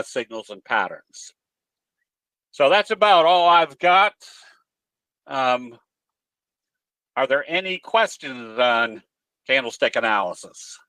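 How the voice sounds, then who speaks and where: A man's voice: mid-range voice, bright, forceful tone, clear, resonant tone, dry recording. A man presenting candlestick trading analysis in an online webinar from his home office, explaining in a folksy way and telling jokes. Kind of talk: webinar teaching talk.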